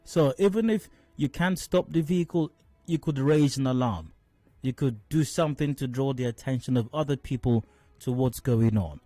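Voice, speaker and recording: A man with a Nigerian accent giving radio commentary as a talk show host, measured and full of fillers and restarts. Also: medium pitch, mellow, no echo, soft background music. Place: radio studio.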